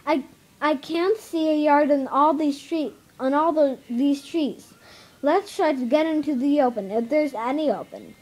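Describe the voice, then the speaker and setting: A woman reading the part of a steady, cheerful older schoolboy, with small stumbles. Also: high-pitched, a little slow, rough recording.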